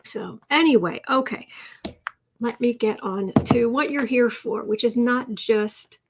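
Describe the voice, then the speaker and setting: A woman's voice: fairly high pitch, measured pace, gravelly, background noise. A woman hosting a political tarot and astrology livestream, talking in a rambling, casual way with many fillers and restarts.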